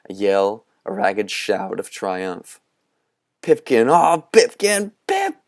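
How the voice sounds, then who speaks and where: A man narrating a storybook with a low, deep voice. He reads slowly and with measure, his tone smooth and clear throughout. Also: dry recording, studio quality. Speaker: audiobook reader. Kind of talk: scripted narration.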